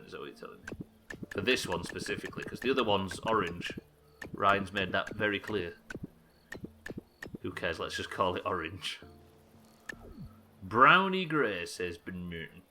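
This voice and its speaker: A young man streaming a building game live, commenting as he plays and bantering with viewers in an animated, sweary, self-mocking way. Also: low-pitched, a little fast, background noise.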